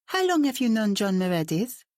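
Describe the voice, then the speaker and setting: A woman reading the part of a relaxed, friendly woman guest who chats easily. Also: mid-range voice, moderate pace, dry recording, clean studio sound, pitched above the performer's own voice, lightly acted.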